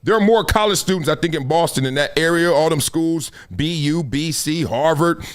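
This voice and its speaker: A man hosting a casual live-stream commentary show, animated and often laughing as he mocks the people he talks about. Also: a little high, moderate pace. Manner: animated, laughing, mocking impressions. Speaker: host.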